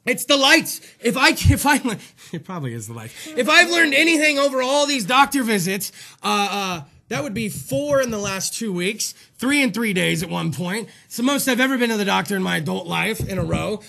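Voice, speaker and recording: A man's voice: sits high, big pitch swings, moderate pace, gravelly, pushed and bright. A man hosting a podcast, a little out of breath, rambling and swearing as he tells a story in casual chat. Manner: profane, rambling storytelling with laughs. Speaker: podcast host.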